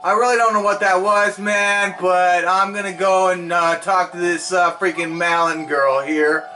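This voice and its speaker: A young man giving goofy, rambling commentary over a video game, now and then breaking into shouts and whoops. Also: high-pitched, fairly even intonation, unhurried, faint music behind. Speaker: gameplay commentator. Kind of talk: playful let's-play commentary.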